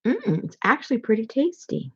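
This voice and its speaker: A woman's voice: a little high, huge pitch swings, moderate pace, slightly rough, dull audio. A woman chatting casually in a vlog, giggly and rambling as she shows off handmade gifts. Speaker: crafter showing handmade gifts.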